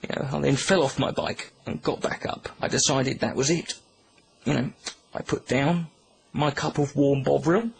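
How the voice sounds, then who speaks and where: A British man delivering a deadpan, mock-angry comedic rant to camera, overblown and dry. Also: mid-range voice, moderate pace, gravelly, slight background noise, low-quality recording. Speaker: YouTuber.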